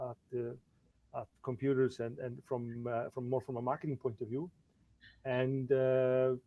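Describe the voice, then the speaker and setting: A man's voice: mid-range voice, dull audio. A middle-aged man from Iceland, a podcast guest chatting casually, often restarting and repeating words as he goes.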